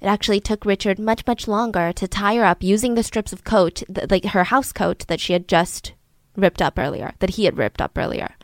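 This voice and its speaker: A woman casually telling a true crime story in a chatty, animated way, acting out the quotes of the people in it. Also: mid-range voice, moderate pace, no echo.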